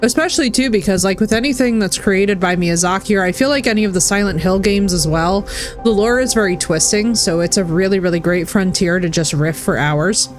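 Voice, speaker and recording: A woman in her thirties chatting casually while streaming a game, animated and talkative. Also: medium pitch, brisk, faint music behind. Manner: chatty, animated, slips into put-on voices. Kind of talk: casual chat while gaming.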